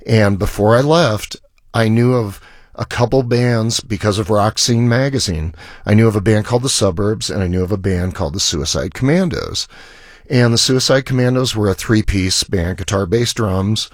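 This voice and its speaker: A middle-aged musician, a guest on a radio show, speaks in a fairly low voice at a moderate pace with clean studio sound and no room echo. In a casual storytelling interview, he rambles through anecdotes, restarting often and acting out quoted lines.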